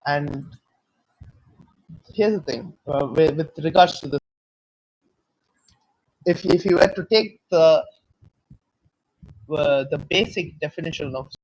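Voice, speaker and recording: A man's voice: on the high side, slow, long pauses, a little mellow, dry recording, low-quality recording. A man in a heated online debate who builds his argument step by step with examples and frequent fillers.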